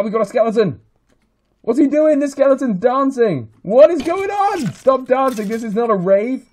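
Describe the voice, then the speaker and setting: A young man giving excitable Let's Play commentary as he plays, chattering to the game's creatures. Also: a little high. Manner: excitable, talks to the game mobs. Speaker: gaming channel host.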